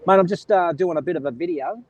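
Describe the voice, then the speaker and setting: A man's voice: high-pitched, fast, darkish tone, no room sound, dull audio. An Australian man hosting an outdoor live stream on a beach, talking straight to his viewers and sharing firm opinions in casual commentary. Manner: opinionated, talks straight to viewers and reads out chat.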